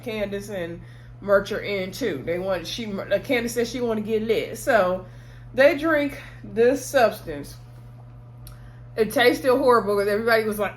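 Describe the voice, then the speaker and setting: A woman's voice: fairly high pitch, measured pace. A woman casually recapping a TV episode in chatty storytelling style, acting out what the characters said and laughing along. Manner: laughs often while telling. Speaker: TV episode reviewer.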